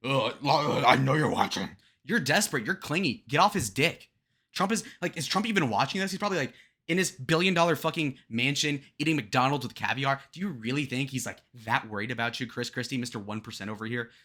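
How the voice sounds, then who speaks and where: A man's voice: medium pitch, fast talker, pushed and bright. A young man hosting a reaction commentary on political debate clips, profane and mocking as he rants.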